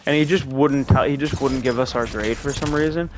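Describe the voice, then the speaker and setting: A man's voice: medium pitch, steady tone, brisk. A young man with a mid-range voice chats through a gameplay session, drifting between game moves and long, rambling anecdotes. His talk is loose and laid-back, with frequent swearing, over a noisy background. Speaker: gameplay commentator. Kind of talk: casual gameplay commentary with storytelling.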